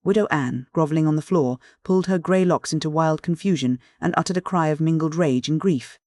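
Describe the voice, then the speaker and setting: A man narrating a classic mystery audiobook in a measured, clear reading. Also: on the high side, a little mellow, dry recording, clean studio sound. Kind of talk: scripted literary narration.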